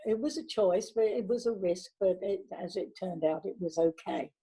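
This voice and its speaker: An older woman, a veteran actress, chatting warmly in an interview and telling anecdotes from her career. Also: medium pitch, moderate pace, breathy edge, rough recording. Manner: warm anecdotal, chatty with restarts. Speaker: actress guest. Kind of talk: reminiscing interview talk.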